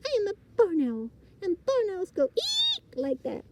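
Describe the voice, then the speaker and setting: A woman's voice: sits high, big pitch swings, moderate pace, warm tone, slight background noise, pitched above the performer's own voice. A woman voicing a small, curious baby barn owl boy in an earnest, innocent storybook reading. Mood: cross.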